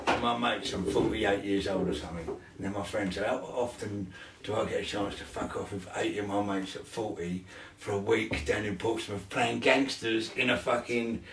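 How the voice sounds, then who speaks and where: A man's voice: on the low side, normal speed, fairly bright tone, a little hiss or hum. A middle-aged man telling stories in casual chat, swearing constantly and laughing through them. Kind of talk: casual storytelling. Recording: echoey room, mic at a distance.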